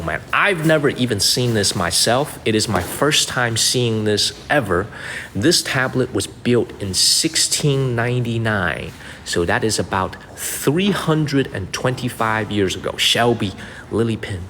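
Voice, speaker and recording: A man's voice: medium pitch, a bit bright, in a large hall, slight background noise. Chatty man livestreaming a tour outdoors. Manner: chatty, repeats himself, thanks viewers by name. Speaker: livestreaming travel vlogger. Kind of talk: live-stream tour chat. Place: outdoors at a historic mausoleum site.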